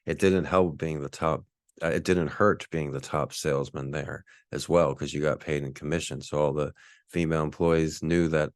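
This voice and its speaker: A man's voice: very deep voice, fairly even intonation, moderate pace, smooth, dry recording, studio quality. A man in his forties from Texas, telling a rambling, laid-back story as a podcast host. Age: 40s. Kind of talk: casual storytelling monologue.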